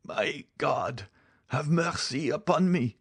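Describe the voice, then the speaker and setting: A man's voice: a little high, expressive, vocal fry, husky, voice pushed up, heavily acted. A man voicing a dying old servant, gasping. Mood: despairing. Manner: strained, slow, gasping. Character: dying old male servant in agony, pleading.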